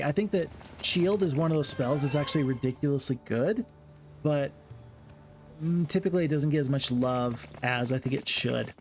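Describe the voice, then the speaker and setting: A man commentating his own strategy-game playthrough late at night, chatty and jokey with sudden excited outbursts. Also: medium pitch. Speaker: gaming commentator. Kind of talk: casual let's-play commentary.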